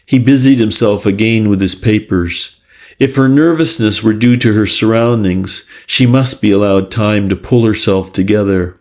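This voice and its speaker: This is a man narrating an audiobook from a script, his delivery steady and measured. His pitch is on the low side.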